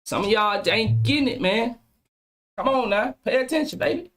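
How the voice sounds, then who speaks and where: A woman's voice: a little high, animated, normal speed. A woman hosting a podcast livestream, talking emphatically and repeating her points to her viewers. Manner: emphatic, preachy, repeats phrases. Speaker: podcast host. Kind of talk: casual livestream commentary.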